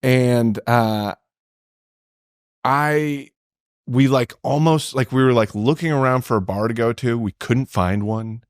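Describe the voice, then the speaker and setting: A man's voice: mid-range voice, slow, clear, resonant tone, dry recording, clean studio sound. A man in casual podcast chat, telling a long rambling story packed with "like" fillers.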